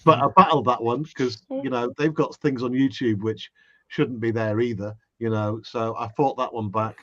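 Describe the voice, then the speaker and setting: A man's voice: medium pitch, steady tone, normal speed, bright, forceful tone, dry recording, dull audio. A man with an English accent chatting casually on a livestream, breezy and self-mocking. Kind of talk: casual group chat on a livestream.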